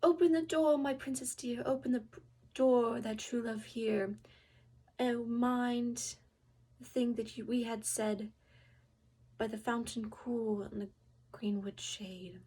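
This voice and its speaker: A woman's voice: on the high side, steady tone, takes it slowly, dark tone, slightly rough, full character voice. Woman voicing a courtly talking frog, raised voice. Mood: chanting. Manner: formal, old-fashioned speech. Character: male frog, polite and courtly.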